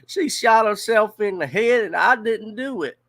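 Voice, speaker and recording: A man imitating a rough escaped male convict with a put-on Southern drawl, loud and drawn out. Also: high-pitched, animated, measured pace, no echo, pitched above the performer's own voice, exaggerated voice. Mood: pleading.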